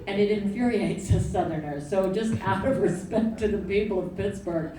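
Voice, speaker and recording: A woman from New Orleans telling stories on a theater panel, animated and laughing. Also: mid-range voice, normal speed. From New Orleans, US South. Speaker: actor on a panel. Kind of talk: casual panel talk. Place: theater stage. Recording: echoey theater, distant mic, noisy.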